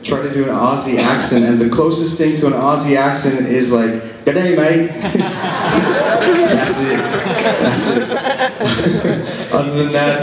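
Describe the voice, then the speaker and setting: A man preaching a sermon as a guest speaker, fervent and repetitive, recorded in a large church hall. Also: medium pitch. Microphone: filmed from far off. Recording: echoey hall from far off.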